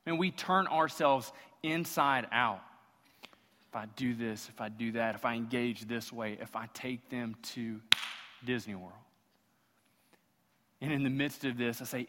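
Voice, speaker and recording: A man's voice: medium pitch, normal speed, fairly bright tone. A man preaching an impassioned sermon as pastor, building through rhetorical repetition. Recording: long hall reverb.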